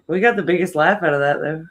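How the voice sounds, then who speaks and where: A man, a guest who jokes and teases in a casual interview. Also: a little high.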